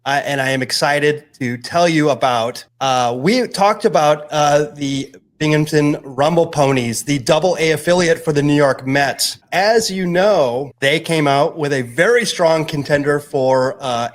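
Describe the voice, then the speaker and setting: A man co-hosting a podcast, casually presenting a segment and pausing often with "uh". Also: on the high side. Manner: relaxed, often pauses with "uh". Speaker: podcast co-host.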